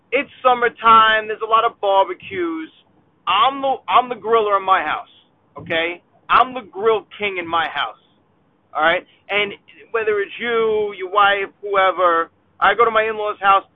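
High-voiced New man ranting, tinny. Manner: exasperated, acts out other people's requests. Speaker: sports podcast host. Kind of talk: casual monologue rant. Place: in a car while driving. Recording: tinny phone-like dry sound.

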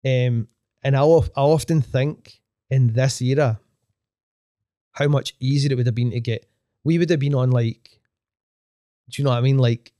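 Rambling Glaswegian man, mellow dry voice. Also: medium pitch, steady tone, normal speed, long pauses, no room sound. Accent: Glaswegian Scottish. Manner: rambling storyteller with frequent restarts and swearing. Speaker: DJ guest telling stories. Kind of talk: casual podcast chat.

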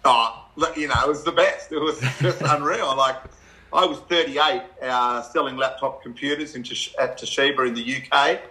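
Australian man, middle-aged, bright forceful voice, animated storyteller, casual interview guest. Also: mid-range voice, moderate pace, rough recording. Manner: animated, laughing, acts out quotes.

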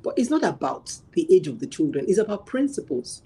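A woman guest sharing her parenting experience in casual chat, telling animated stories, acting out dialogue and laughing often. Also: lowish voice, fairly quick, breathy edge, low-quality recording.

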